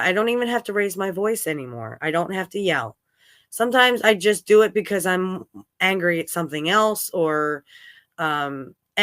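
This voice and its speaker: Woman, 30s, podcast host, bright, clear tone, dry close sound, open and rambling. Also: lowish voice, no echo. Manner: rambling, open, with frequent fillers. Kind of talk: candid conversational talk.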